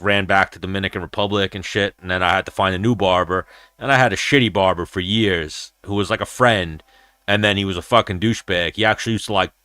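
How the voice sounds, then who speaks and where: A man hosts a casual livestream, swearing freely and getting animated as he tells stories. His voice is on the low side with a forceful, sharp edge, and it sounds close and dry. He acts out his own quoted lines as he goes. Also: dry recording. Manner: profane, animated storytelling. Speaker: show host.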